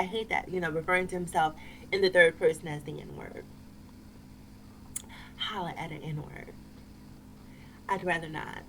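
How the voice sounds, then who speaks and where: A woman vlogger telling a personal story to camera in an expressive, emphatic way with wry asides. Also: mid-range voice, slight background noise, poor audio.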